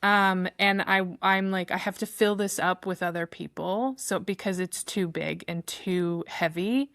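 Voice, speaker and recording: Woman, podcast guest, slow, halting, dry sound. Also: on the low side, no echo. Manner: halting, many restarts and soft laughs. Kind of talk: casual conversation.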